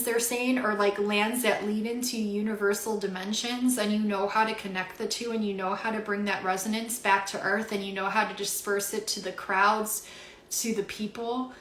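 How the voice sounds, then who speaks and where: A woman's voice: mid-range voice, fairly even intonation, moderate pace. A young woman giving a spiritual card reading on a home livestream, emotional and near tears, gushing with awe and many fillers. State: teary, emotional. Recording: roomy echo.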